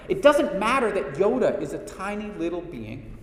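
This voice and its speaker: A man's voice: sits high, very animated, moderate pace. A middle-aged man hosting a spiritual talk, telling stories casually with many restarts and fillers. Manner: chatty storyteller, frequent restarts and fillers. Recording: echoey hall reverb.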